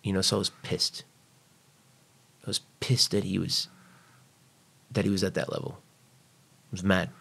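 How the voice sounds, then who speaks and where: A man's voice: low voice, little pitch movement, unhurried, vocal fry, pauses often, fairly bright tone, husky. A man guest on a podcast, telling a personal story casually and bluntly, swearing freely. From United States.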